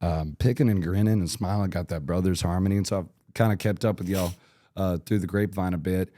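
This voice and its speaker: A young man hosts a relaxed podcast interview, joking and teasing his guests as he goes. His voice sits low with a warm, mellow tone, recorded close and dry with no room sound. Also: dry recording. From Arkansas. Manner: joking, teasing, quick asides. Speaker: podcast host. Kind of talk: casual interview chat.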